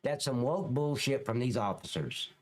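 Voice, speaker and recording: A man's voice: mid-range voice, normal speed, slight background noise. A man ranting profanely and scornfully as a live-stream commentator, reacting to police clips.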